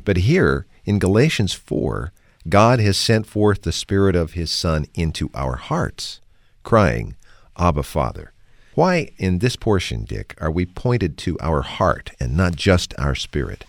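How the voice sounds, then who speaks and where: This is a man with a deep, gravelly voice who hosts a Bible discussion on the radio. His intonation is lively, and he puts his questions to his co-host in a measured way. The sound is dry and close. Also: dry recording.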